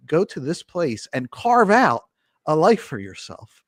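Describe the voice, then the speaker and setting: A man's voice: mid-range voice, sing-song, moderate pace, no echo, clean studio sound. A man speaking as a guest in a casual interview, arguing his points earnestly and with conviction. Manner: earnest, impassioned argument. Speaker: podcast guest.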